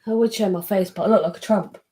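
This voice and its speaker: A woman's voice: mid-range voice, fairly even intonation, quick pace, mellow. A woman, the host's wife, chatting bluntly in a casual live stream. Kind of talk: casual chat.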